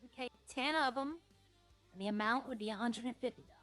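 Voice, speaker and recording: Talking fast in a slightly high, fairly bright voice, a woman streams a roleplay game and chats away as she plays. She rambles, drops her thoughts and restarts them, with faint music audible behind her.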